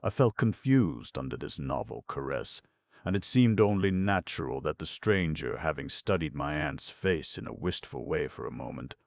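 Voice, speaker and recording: A man reads a story aloud in a measured, even way. His voice is extremely deep with a gravelly fry. The sound is dry and close to the mic. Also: dry recording. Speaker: audiobook narrator. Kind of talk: audiobook narration.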